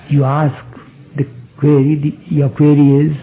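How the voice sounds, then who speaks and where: A man's voice: a little high, completely flat delivery, unhurried. Man telling a story, old tape. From India. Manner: conversational, frequent asides. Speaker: storyteller giving a talk. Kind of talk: informal storytelling talk. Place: hall. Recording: dull 1970s tape recording.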